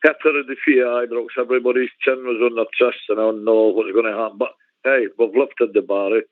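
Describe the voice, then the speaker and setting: A man's voice: mid-range voice, steady tone, quick pace, dry recording. A man in his forties calling into a radio show, ecstatic and punchy. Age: 40s. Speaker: caller. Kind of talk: casual phone-in chat. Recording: tinny phone line.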